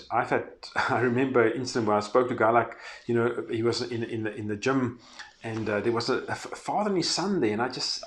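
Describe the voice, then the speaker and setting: A man giving an earnest, conversational devotional talk and telling a personal story. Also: mid-range voice. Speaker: faith-based speaker.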